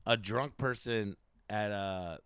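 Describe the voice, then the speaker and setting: A young man, a comedian co-hosting a podcast, telling stories in a profane, animated way while hoarse from a lost voice. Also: fairly low pitch, slow, no room sound. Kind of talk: casual podcast chat.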